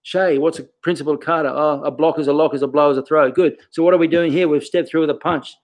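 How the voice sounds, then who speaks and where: Questioning karate instructor. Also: male voice, fairly high pitch, steady tone, fast, darkish tone. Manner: peppers his talk with questions and "okay". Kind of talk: casual instructional talk.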